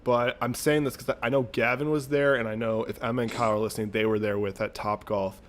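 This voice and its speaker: A man's voice: mid-range voice, fairly even intonation, fast. A young man co-hosting a podcast, chatting casually, laughing and swearing freely as he reacts and tells his own story. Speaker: podcast co-host. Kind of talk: casual chat.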